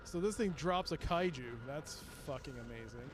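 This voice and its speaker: A man live-streaming a video game, swearing loudly and laughing as he plays. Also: a little high, lively intonation, normal speed, slight background noise. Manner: loud swearing outbursts and laughter while playing.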